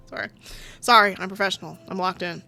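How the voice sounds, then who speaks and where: Woman gaming streamer, lively up-and-down voice, reads a visual novel aloud and jokes along, faint music behind. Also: mid-range voice, a little fast. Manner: giggly, playful, animated. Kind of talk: reading a visual novel aloud with casual commentary.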